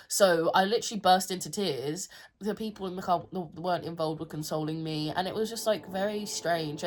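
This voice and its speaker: Chatty young woman, low voice. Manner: chatty, frequent "like" fillers, emotional retelling. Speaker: vlogger. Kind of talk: casual storytelling to camera.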